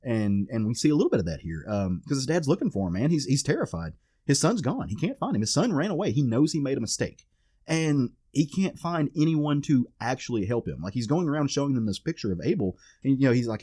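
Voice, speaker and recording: A man in casual podcast chat, retelling a story with lively energy and slipping into quoted voices. His voice sits at a middle pitch, recorded close and dry with no room sound. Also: fast talker, slightly rough, no room sound. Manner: animated retelling, acts out quoted characters. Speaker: podcast co-host. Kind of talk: casual chat recapping a comic.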